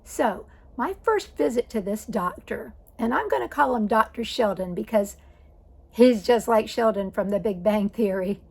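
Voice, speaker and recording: Gravelly, husky woman in her sixties telling a story. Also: medium pitch, expressive, moderate pace. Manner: conversational, self-correcting, wry. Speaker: vlogger. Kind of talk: personal storytelling.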